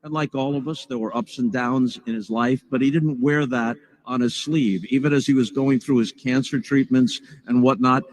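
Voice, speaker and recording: A man quietly remembering a departed broadcaster in a heartfelt, reflective way. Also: mid-range voice, fairly even intonation, moderate pace, few pauses, rough recording. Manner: soft-spoken, heartfelt.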